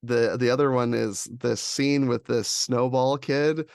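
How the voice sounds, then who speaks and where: A man co-hosting a casual film chat, retelling scenes with excitement and laughter. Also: medium pitch, measured pace, vocal fry, clean tone, no room sound, clean studio sound. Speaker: podcast co-host.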